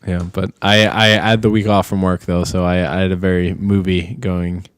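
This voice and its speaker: A man with a low, smooth voice, co-hosting a laid-back podcast. He jokes around and rambles through a movie plot. The sound is dry and close, with no room echo. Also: little pitch movement, moderate pace. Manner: joking, rambling movie recap. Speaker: podcast co-host. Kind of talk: casual chat.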